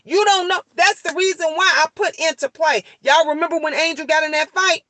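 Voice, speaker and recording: A woman's voice: very high-pitched, fairly even intonation, a little fast, sharp tone, dry recording. A middle-aged woman livestreaming to her viewers in a casual chat, heated and profane, repeating herself for emphasis and answering comments as she goes.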